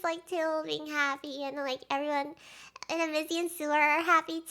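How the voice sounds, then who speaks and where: A young woman doing casual video commentary as a fan, rambling and emotional, swinging between hushed talk and excited outbursts. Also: high-pitched, moderate pace. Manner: rambling, with fillers and restarts.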